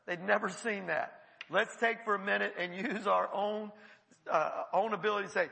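A man's voice: sits high, normal speed, creaky. A man preaching a sermon in a church, telling stories and acting out the voices he quotes. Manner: animated storytelling, acts out quoted voices. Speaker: pastor. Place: large church hall. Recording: long hall reverb.

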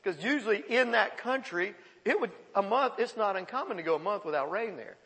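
A pastor preaches in a folksy, animated way. He retells an old story with quick asides and laughs. His voice sits high with a gravelly fry, and it carries a long reverb through the church. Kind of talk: sermon.

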